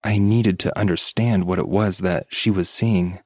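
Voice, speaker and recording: A man hosting a podcast, calmly reading a listener's story aloud as scripted narration. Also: low voice, no echo, studio quality. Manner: calm, measured storytelling.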